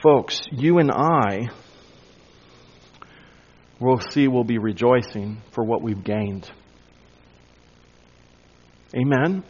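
A man preaching an expository sermon, emphatic and dropping to a hush on key points. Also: mid-range voice, extremely slow, pauses often, breathy edge, lo-fi sound. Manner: emphatic, drops to a hush for weight. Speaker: pastor.

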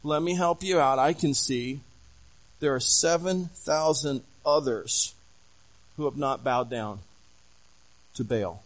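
Male pastor, middle pitch, animated storytelling sermon full of questions to the congregation. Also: takes it slowly, long pauses, poor audio.

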